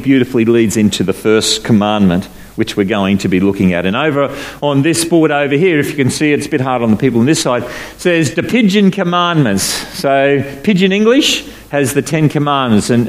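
A man preaching a sermon to a congregation, swinging between low solemn passages and raised, emphatic ones, slowing to stress key phrases. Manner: slows down to stress scripture phrases. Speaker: pastor. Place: church hall before a congregation.

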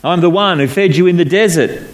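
Guy preaching a sermon to a church crowd, goes low and solemn then way up and punchy, slows right down on the big lines. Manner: emphatic, swings between low solemn and raised animated delivery; slows down to stress scripture phrases. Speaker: pastor. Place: church hall before a congregation.

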